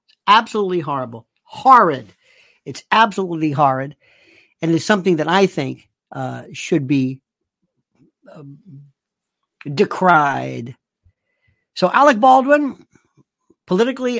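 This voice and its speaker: A man talks straight to his audience with a gravelly, fry-edged voice, leaning on repeated words for emphasis. The recording is dry and close, with no room sound at all. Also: fairly high pitch, fairly bright tone, no echo. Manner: chatty, emphatic, repeats himself for stress. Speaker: online commentator. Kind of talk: casual commentary to camera.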